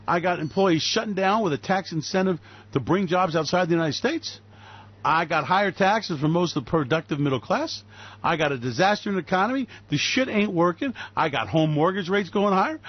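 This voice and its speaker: New guy ranting on his radio show, high voice, swearing and sarcastic, muffled lo-fi sound. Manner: angry, profane, sarcastic ranting. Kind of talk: ranting political commentary.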